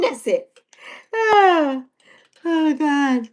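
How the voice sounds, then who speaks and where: A woman's voice: high voice, very animated, very slow, pauses often. A woman in her sixties hosting a casual livestream chat with viewers, playful and teasing. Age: 60s. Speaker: livestream host.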